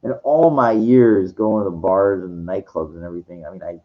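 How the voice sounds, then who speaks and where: A male vlogger with a low voice tells a personal story in a casual monologue, recorded with muffled sound. He halts and rambles, with many restarts, fillers and casual swearing.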